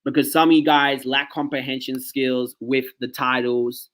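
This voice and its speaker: A man's voice: mid-range voice, steady tone, moderate pace, a bit bright. Ranting man vlogging. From Australia. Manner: ranting, talks straight to viewers with frequent "okay" and "like". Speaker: commentary vlogger. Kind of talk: casual reaction commentary.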